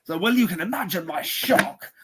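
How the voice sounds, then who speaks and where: A man's voice: fairly high pitch, big pitch swings, racing, noisy background, voice pushed up. A man putting on a pompous posh old professor. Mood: indignant. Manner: pompous, affronted.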